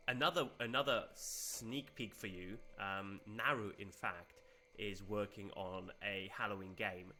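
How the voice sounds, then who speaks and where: A young man chats through a live game stream, cheerful and easygoing, laughing often between remarks. His voice is bright, with a crisp edge. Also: on the low side. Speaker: game streamer, community host. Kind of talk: casual live-stream commentary.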